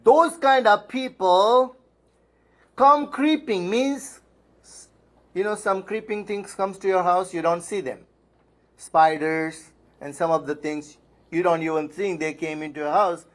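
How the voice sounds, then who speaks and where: A man's voice: high voice, unhurried, a bit bright. A man preaching a sermon as pastor, emphatic, asking questions and answering them himself, repeating phrases for stress. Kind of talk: sermon with Bible reading.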